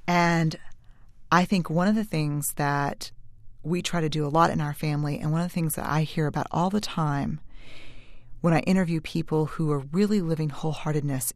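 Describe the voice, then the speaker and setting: A woman in her forties with a low, gravelly voice shares a candid personal story as a researcher giving a talk. She confides in her listeners, sometimes racing ahead and sometimes slowing to a hush. The recording is dry and close. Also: no echo. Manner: candid, confiding, shifts between brisk and slow hushed phrases.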